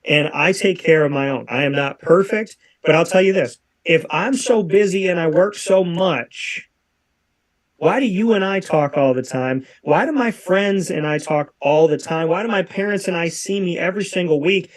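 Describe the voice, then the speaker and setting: A talk show host in his thirties chats casually with a fairly high voice at a moderate pace. He speaks emphatically and repeats phrases for effect.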